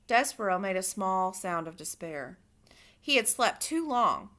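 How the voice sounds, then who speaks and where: A woman reading a children's book aloud, expressive and pausing for asides to her listeners. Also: medium pitch. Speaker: reader. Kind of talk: storybook read-aloud for children.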